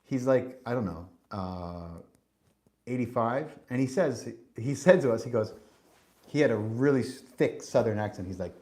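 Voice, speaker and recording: A man's voice: medium pitch, a little slow, dark tone. A man hosting a podcast, delivering a spiritual monologue in an emphatic, preachy way, cursing and restarting often. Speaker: podcast host.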